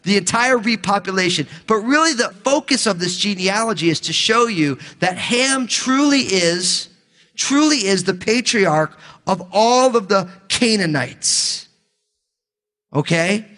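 A man with a high voice leads a casual Bible teaching as pastor. He slips informal, jokey asides in between the passages he reads. His voice rings with the long reverb of a large hall. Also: lively intonation, unhurried, sharp tone.

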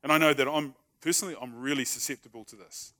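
A man's voice: mid-range voice, fast talker, pushed and bright. A man preaching a sermon in a conversational, humorous way, acting out short everyday dialogues. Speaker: pastor.

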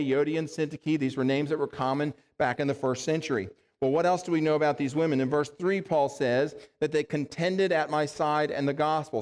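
A man's voice: a little high, a little mellow, long reverb tail. A male pastor giving a conversational sermon, explaining scripture and asking the congregation rhetorical questions.

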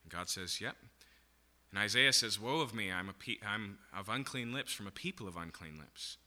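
Bright-voiced preacher man in a reverberant hall. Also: lowish voice, moderate pace. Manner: animated Bible teaching, frequent "okay?" and "right?". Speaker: pastor. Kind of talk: sermon.

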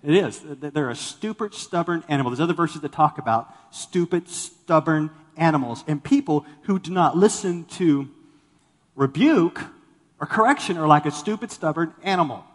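An animated male pastor delivers a sermon to his congregation, acting out the people he quotes. His voice sits a bit high for a man. It rings with the long reverb of a big church hall. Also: moderate pace.

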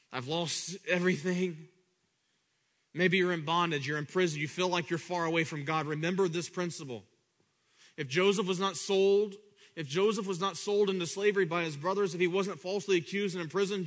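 A man preaches with a bright, forceful voice that sits fairly high. He climbs into loud, high exclamations, then drops low and quiet for emphasis. He repeats words as he builds and acts out what the people in his story say. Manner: animated, swings between loud high bursts and low quiet asides. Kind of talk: sermon.

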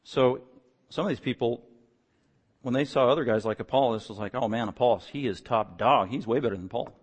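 A man's voice: mid-range voice, a little fast, breathy edge. Preaching man in an echoing hall. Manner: preaching, rises to emphatic shouting on key words. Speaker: pastor. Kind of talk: sermon. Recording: long reverb from a large hall.

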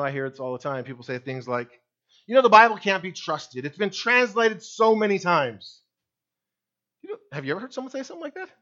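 A pastor preaches a sermon in a high, lively voice that swings widely as he drives his points home. He fires rhetorical questions at his listeners, and the recording sounds dull and lo-fi.

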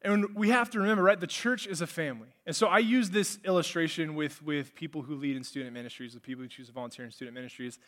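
A man preaching a lively, joking sermon to a congregation in a church. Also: on the high side, fast, hardly any pauses. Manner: energetic, joking, conversational. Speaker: pastor. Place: church sanctuary with live congregation.

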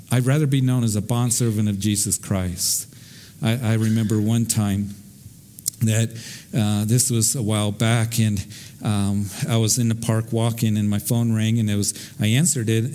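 A middle-aged American man, a pastor, teaching verse by verse through the Bible in a conversational way, telling stories and often restarting his sentences. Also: mid-range voice. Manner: conversational, warm storytelling with frequent restarts.

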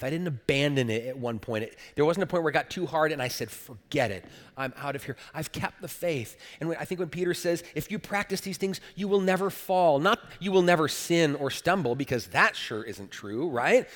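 A man preaching a sermon in an earnest, emphatic way. His voice sits a little high and trails off into the long reverb of a church sanctuary. He repeats words as he builds toward his points. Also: fairly quick, few pauses, a bit bright. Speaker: pastor.

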